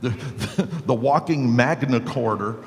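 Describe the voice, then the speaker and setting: A man's voice: mid-range voice, measured pace, gravelly. Older man telling stories in a hall. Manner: animated storyteller, slips into voices. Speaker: panel guest, voice actor. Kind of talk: convention panel anecdote. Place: convention hall. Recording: hall reverb.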